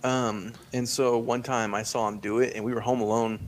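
A man's voice: mid-range voice, level tone, moderate pace, a little hiss or hum, rough recording. A young man, a guest on a casual podcast over a video call, laid-back and self-mocking.

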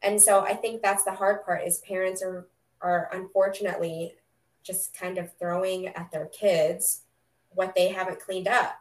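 A woman on a podcast calmly explaining how parents pass their trauma on to their kids. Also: medium pitch, normal speed, recorded from a distance. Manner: reflective, explanatory. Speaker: podcast co-host, therapist. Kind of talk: casual podcast chat. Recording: echoey room, away from the mic.

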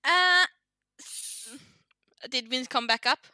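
A woman playing in a tabletop game, giggly and excitable. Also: sits high, slow, clean tone. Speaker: player. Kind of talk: casual tabletop play.

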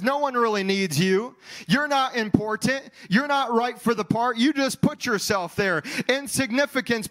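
High-voiced preaching pastor, half-sung cadences. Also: male voice, fairly bright tone, poor audio. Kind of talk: sermon.

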